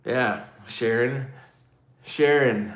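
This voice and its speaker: In an echoey room, a livestream host with a medium-pitched voice draws out his words as he rambles. He chats casually with live commenters and pokes fun at himself along the way.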